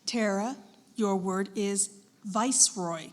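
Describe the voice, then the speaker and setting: A woman serving as a spelling bee pronouncer, reading words and definitions clearly and encouraging the contestants. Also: mid-range voice, takes it slowly. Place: school event hall. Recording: echoey hall with long reverb.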